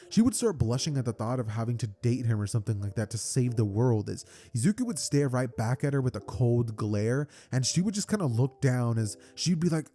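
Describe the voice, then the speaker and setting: A man's voice: mid-range voice, warm tone. A man casually narrating a fan-made story, rambling with lots of fillers. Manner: rambling, filler-heavy retelling. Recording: faint background music.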